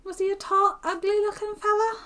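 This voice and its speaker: A woman reading aloud and voicing a timid, gloomy young male barber's apprentice in a high, plaintive, weary voice. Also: little pitch movement, fairly quick, bright, forceful tone. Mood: glum.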